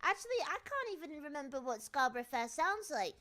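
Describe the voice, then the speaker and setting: British woman, streamer, casual playful chat, bright voice, a little high. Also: very animated, brisk. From Britain. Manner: playful, chatty, jokey asides.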